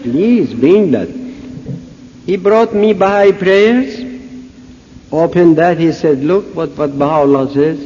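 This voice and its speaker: Speaking at a large conference hall, an older Iranian man tells a funny story in slow, halting non-native English, playing both sides of a conversation. His voice is high for a man, expressive and mellow. The sound is muffled and lo-fi, with a long echo and faint hiss.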